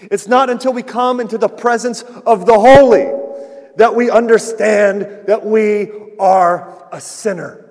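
A man preaching a sermon in an earnest style, rising to loud emphasis and then dropping to a hushed, soft tone. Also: high voice, a little slow, in a large hall. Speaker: pastor.

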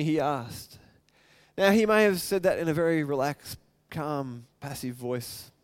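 His voice sits on the high side, at a measured pace, as he preaches a sermon. Retelling scripture, he acts out the quoted lines and swings from loud, excited passages to hushed, soft ones.

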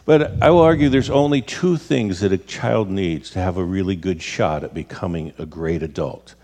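Low-voiced middle-aged man, chatty speaker who acts out family anecdotes. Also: moderate pace. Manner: storytelling, animated quoted voices. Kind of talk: conversational talk with stories.

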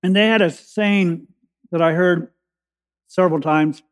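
A man preaching a sermon as a pastor, with slow emphatic pauses that build to urgency. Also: high-pitched, steady tone, clean tone. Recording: echoey hall with long reverb.

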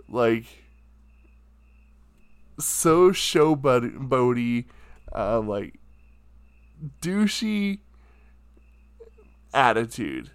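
A man recounts an embarrassing moment in an unhurried, drawn-out way, poking fun at himself and padding his sentences with "like" and "uh". His voice sits at a middle pitch. The sound is close and dry, with no room echo. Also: clear, resonant tone. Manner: self-mocking, chatty, heavy on fillers. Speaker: storyteller. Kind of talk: casual anecdote. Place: his own room at home.

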